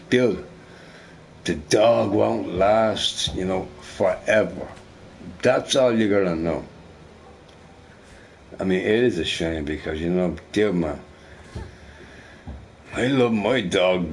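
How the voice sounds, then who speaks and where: A man with a fairly low voice chats loosely while he plays a game. He rambles and repeats phrases, and he swears casually. He keeps checking in with "you know, right?". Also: a little hiss or hum. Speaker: gamer recording gameplay. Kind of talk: casual storytelling over gameplay.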